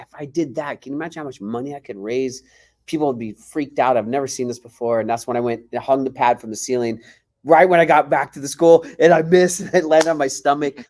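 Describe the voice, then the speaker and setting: A male martial arts instructor, a podcast guest, telling stories in a casual way and acting out quoted dialogue. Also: mid-range voice. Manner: animated, acts out quoted dialogue.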